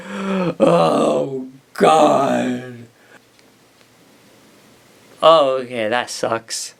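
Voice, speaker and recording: A man's voice: mid-range voice, slow, vocal fry. A man narrating a story with casual, wry asides. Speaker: narrator and reviewer.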